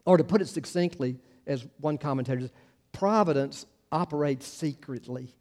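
A man's voice: a little high, moderate pace, darkish tone. A man preaching a conversational sermon as a pastor, informal and chatty, with wry asides to the congregation. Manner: informal and chatty, many fillers and restarts.

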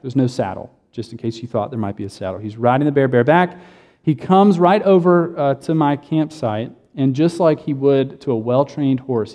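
Man, pastor, casual storyteller, mellow tone, long hall reverb. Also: mid-range voice, lo-fi sound. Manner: casual, joking, self-correcting storyteller. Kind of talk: sermon with storytelling.

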